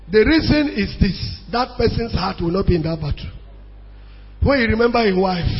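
High-voiced preacher in an echoing hall. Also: male voice. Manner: preaching with shouts, sing-song swells and laughter, mixing in pidgin. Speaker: pastor. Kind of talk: sermon. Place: large church hall. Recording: muffled recording in a reverberant church hall.

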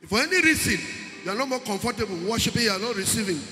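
Nigerian male pastor, very high bright voice, sermon in an echoey church hall. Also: lively intonation, rapid-fire, soft background music. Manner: preaching with pidgin asides, shouting at times.

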